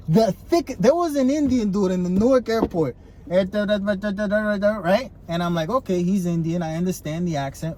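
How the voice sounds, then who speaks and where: A man in casual podcast chat, ranting with heavy swearing and sudden bursts of energy. His voice sits a bit high for a man, with a faint hiss of noise behind it. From Puerto Rico. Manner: profane, animated rants. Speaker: podcast co-host.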